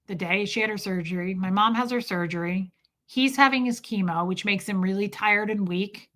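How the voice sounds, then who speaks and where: A woman in her thirties telling an emotional personal story about her family, speaking haltingly with restarts. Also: medium pitch, fairly bright tone. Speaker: vlogger.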